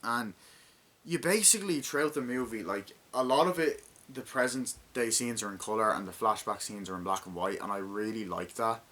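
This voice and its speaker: A man's voice: lowish voice, normal speed, bright, forceful tone. A young man in his twenties giving a rambling, profanity-heavy casual movie review and acting out lines from the film. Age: 20s.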